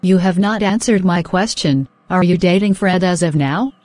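Brief: woman doing a firm cartoon mom, low and dry, calm but scolding. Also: normal speed, dry recording, close to an everyday voice. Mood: calm questioning. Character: stern caring middle-aged mother. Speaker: voice actor in animated drama.

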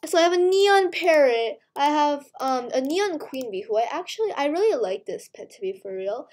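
Breathless, stammering high-voiced woman gamer. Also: normal speed. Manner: breathless, stammering and spluttering with excitement. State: overexcited and tired. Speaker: gaming video host. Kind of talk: excited gaming vlog chat.

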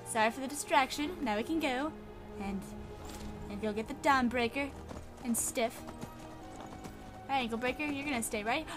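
A woman hosting a playful let's-play commentary, chatty and giggly, talking to the characters in the game. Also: high voice. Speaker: gaming channel host.

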